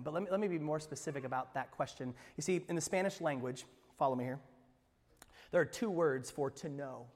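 A man pastor preaching an Easter sermon, expressive, swinging from hushed lines to emphatic ones with playful asides. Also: fairly high pitch, a little fast, long pauses, long reverb tail. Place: church sanctuary.

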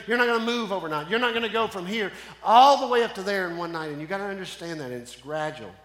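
A pastor preaching a sermon with call-and-response, his voice swinging from loud to hushed, in a church sanctuary. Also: high-pitched. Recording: echoey church hall.

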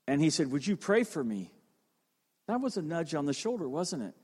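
A man's voice: a little high, sing-song, moderate pace, darkish tone, breathy edge. A middle-aged man preaching a sermon, telling stories with fervor and repeating phrases for emphasis. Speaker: fire chief and chaplain preaching. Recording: long reverb of a large hall.

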